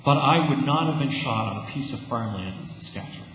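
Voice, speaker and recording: A man's voice: medium pitch, lively intonation, fairly quick, a bit bright, slight background noise. A man preaching a sermon in a church, earnest and emphatic in an easy, conversational way. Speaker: pastor. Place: church sanctuary. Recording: echoey church hall, faint ambience.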